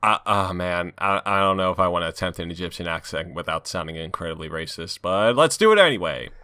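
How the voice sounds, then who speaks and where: Man, podcast co-host, joking, low pitch, bright tone. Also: fast talker, clear, resonant tone, dry recording, studio quality. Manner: joking, lively banter. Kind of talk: casual chat.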